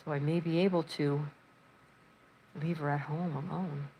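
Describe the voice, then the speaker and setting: Low, gravelly-voiced woman chatting. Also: steady tone, a little slow, dark tone, a little hiss or hum, poor audio. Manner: rambling, chatty storytelling; reads chat messages aloud. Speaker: livestream host. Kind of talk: casual livestream chat. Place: her living room.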